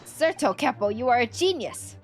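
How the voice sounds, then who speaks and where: A woman's voice: on the high side, animated, moderate pace, faint music behind. A woman doing a comic Italian thug. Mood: boastful. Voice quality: exaggerated comic accent, fillers. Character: excitable male Italian thug, food-loving.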